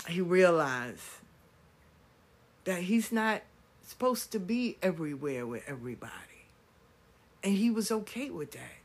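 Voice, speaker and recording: An older woman, a grandmother, telling a family story to her viewers in a blunt, casual, sometimes profane way. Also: mid-range voice. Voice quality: blunt and profane, talks straight to the listener.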